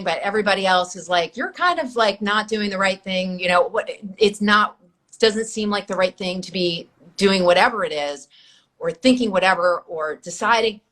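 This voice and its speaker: Heartfelt woman guest in casual chat. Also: medium pitch. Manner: warm, heartfelt, rambling. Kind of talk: casual conversation.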